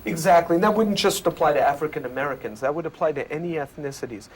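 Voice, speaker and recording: A male researcher giving measured, lecturing explanations in an interview. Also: on the high side, a little hiss or hum. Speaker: communication researcher.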